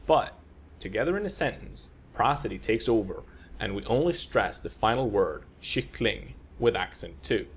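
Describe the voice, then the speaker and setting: A man calmly explaining a language lesson, played from a video. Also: on the low side, moderate pace, slight background noise. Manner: calm, explanatory. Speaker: language teacher.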